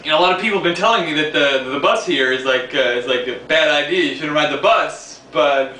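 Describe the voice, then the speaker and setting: A man's voice: fairly high pitch, fairly quick, bright, forceful tone. A man from the New York City area telling a rambling, casual story, repeating words and laughing along the way. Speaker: vlogger. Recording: echoey room, distant from mic, faint hiss.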